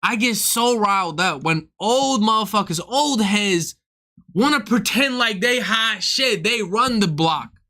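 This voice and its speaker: Young male comic, profane and heated, forceful bright voice, rants and slips into act-outs. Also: high-pitched, animated, a little slow. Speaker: comedian streaming to viewers. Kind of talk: casual ranting monologue.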